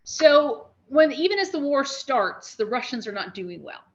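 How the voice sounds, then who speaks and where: A woman giving a spoken history lecture, telling events as a lively story with restarts and asides. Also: high-pitched, a little slow, dull audio.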